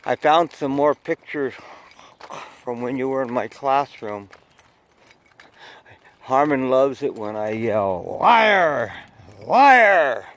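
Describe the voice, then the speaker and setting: A man chatting casually to his viewers while he hikes outdoors, filming on his phone and rambling from one memory to the next. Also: mid-range voice. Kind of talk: casual hiking vlog narration. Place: outdoors on a hillside trail overlooking a city. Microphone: phone camera held while hiking.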